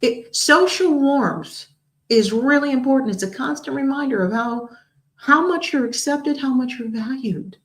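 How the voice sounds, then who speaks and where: A woman in her sixties, hosting a talk show and telling personal stories in an earnest, expressive way. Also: sits high, unhurried, poor audio. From United States. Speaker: host.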